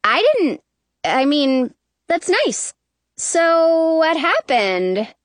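A woman's voice: sits high, very animated, very slow, dry recording, voice pushed up, exaggerated voice. A woman reading aloud, voicing Cinderella as a sly young woman with a sweetly mocking edge.

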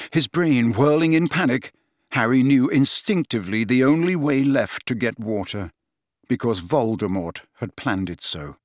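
A man narrating an audiobook in a dramatic, expressive reading style. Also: medium pitch, no echo, clean studio sound. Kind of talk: scripted narration.

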